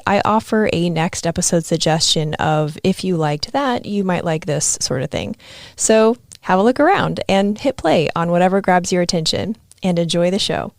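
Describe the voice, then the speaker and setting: A woman's voice: on the low side, a little mellow, dry recording, clean studio sound. A woman hosting a podcast in a wry, upbeat, casual way. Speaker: podcast host.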